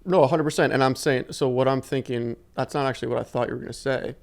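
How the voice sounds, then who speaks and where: A man's voice: mid-range voice, fairly even intonation, fast talker, gravelly. A man hosting a casual interview, talking in an enthusiastic, rambling way. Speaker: podcast host.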